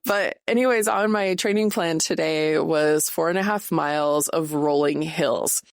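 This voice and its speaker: Low, gravelly and unhurried, the voice belongs to a woman in her late thirties hosting a solo podcast. She talks candidly and casually, full of fillers, in a dry studio-quality recording.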